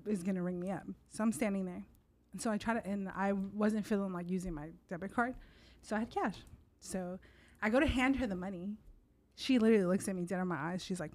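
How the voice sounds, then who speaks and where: Fast-talking young woman telling stories. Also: mid-range voice. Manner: fast, animated, acts out voices in stories. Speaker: podcast guest. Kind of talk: casual storytelling chat.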